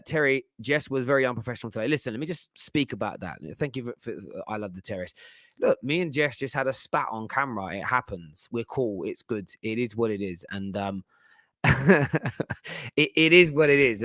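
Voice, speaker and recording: A man's voice: medium pitch, fairly quick, a bit bright, no echo. A man hosts a casual chat show. His talk is loose and rambling, full of asides and easy laughs. The sound is close and dry. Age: 30s. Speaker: host.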